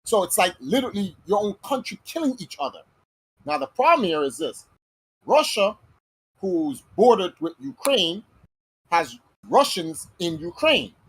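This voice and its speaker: An American man hosting a casual podcast monologue, talking in slangy, animated speech and acting out quoted voices. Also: sits high, a little slow, creaky, husky, poor audio. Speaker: podcast host.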